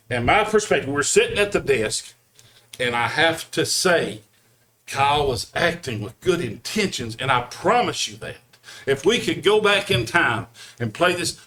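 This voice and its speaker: A man interviewing wrestlers, pleading with them and trying to calm the argument. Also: on the high side. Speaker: interviewer and commentator.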